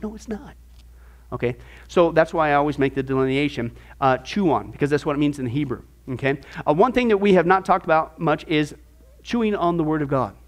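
A man's voice: a little high, animated, fairly quick. A man teaching a Bible discipleship class as pastor, firing off rhetorical questions with folksy asides.

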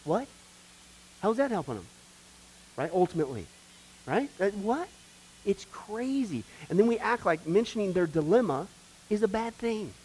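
A man teaching a discipleship class as a pastor, questioning the class and swinging from hushed to loud as he tells a story. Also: sits high, sing-song, normal speed, long pauses, slight background noise, low-quality recording. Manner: retells a story, acting out the voices in it.

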